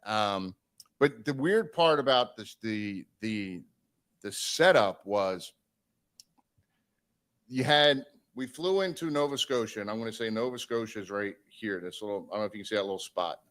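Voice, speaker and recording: A man casually telling a long road story on a live stream, animated and swearing, acting out the people he quotes. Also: fairly low pitch, moderate pace.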